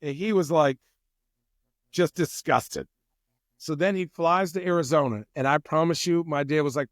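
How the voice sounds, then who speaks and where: A man talks easily as an interview guest, his voice sitting a bit high for a man. He tells animated stories and acts out other people's lines along the way. The sound is dry and close, with no room echo. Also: moderate pace. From United States. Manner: animated storyteller who acts out quotes. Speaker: guest, wine company president. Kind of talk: casual interview chat.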